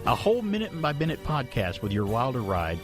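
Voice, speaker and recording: A man hosting a podcast, chatty and quick to laugh, in casual conversation. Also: mid-range voice, wildly swooping pitch, music in the background. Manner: chatty, laughs easily, many "right"s. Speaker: podcast host. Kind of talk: casual chat.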